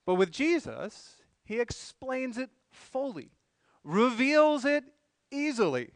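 A man's voice: very high-pitched, big pitch swings, slow pace, no echo. A man preaching a sermon as pastor, earnest, asking rhetorical questions and pressing his points with emphatic swells.

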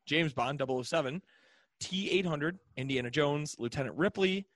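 A man's voice: on the high side, normal speed, a bit bright, no echo. Jokey man reading off lists. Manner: reads lists with jokey asides, often laughing. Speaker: podcast co-host. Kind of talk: casual chat.

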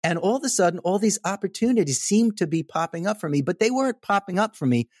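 A man telling a personal story in casual conversation, animated and emphatic. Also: high voice, fast, dry recording, studio quality. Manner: animated, emphatic, repeats "okay?" for effect.

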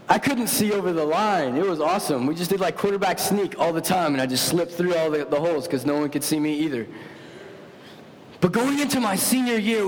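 A man preaching a sermon, telling stories with animated, self-mocking humor. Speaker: pastor. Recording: long hall reverb with faint rumble.

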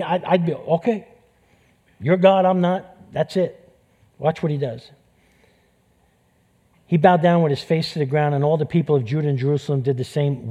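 A man's voice: fairly high pitch, mellow, slightly rough. A man with a New York accent preaching a sermon with passion, repeating phrases for emphasis. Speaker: pastor.

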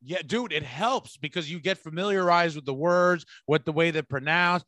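Hosting a podcast, a man from the San Francisco Bay Area talks at a moderate pace with hardly any pauses, in a fairly high, sharp voice, no room sound. His chat is profane and rambling, punctuated by bursts of laughter.

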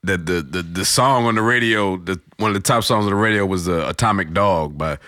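A middle-aged man from St. Louis with a very deep voice, telling stories animatedly in a casual podcast chat and slipping into voices. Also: a little fast, no room sound, studio quality. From St. Louis, Missouri. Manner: animated storyteller, breaks into voices and laughs. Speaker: voice actor guest.

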